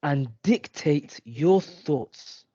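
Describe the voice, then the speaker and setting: A young man in his twenties on a video call, slowly repeating phrases after his coach. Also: a little high, animated, dark tone, reverberant, dull audio. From England. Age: 20s. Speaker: student.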